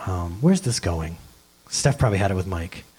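A man's voice: low-pitched, moderate pace, husky. A man in his thirties preaching a sermon as a pastor, talking casually and acting out quotes along the way. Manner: animated, conversational preaching with acted-out quotes.

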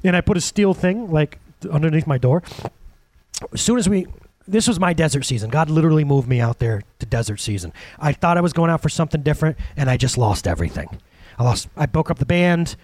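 A man in his thirties preaching a sermon, animated, jumping between loud peaks and quiet, hushed asides. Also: on the high side, a little fast, dry recording. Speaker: pastor.

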